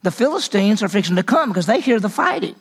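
A man's voice: high voice, big pitch swings, fast talker, husky. A man teaching a Bible lesson as a sermon, telling the story with animation and acting out the characters' voices.

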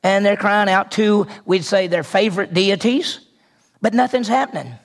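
A man's voice: high-pitched, normal speed, vocal fry. A man preaching a sermon, retelling a scripture story with acted-out voices and rhetorical questions. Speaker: pastor.

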